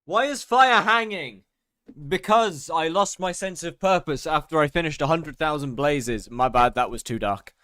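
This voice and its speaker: Smooth-voiced young British streamer. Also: male voice, on the high side, normal speed, bright, forceful tone, no echo, clean studio sound. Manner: rambling, self-mocking, reads chat aloud. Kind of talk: casual live-stream chat while gaming.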